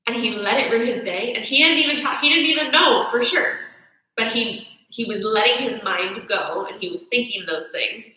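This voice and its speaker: A young woman teaches yoga ideas in a bright, clear voice, talking casually and telling stories with a lot of life. She keeps checking in with her listeners. The room around her echoes strongly. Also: a little high, moderate pace. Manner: animated storytelling with self-quotes, frequent "right?".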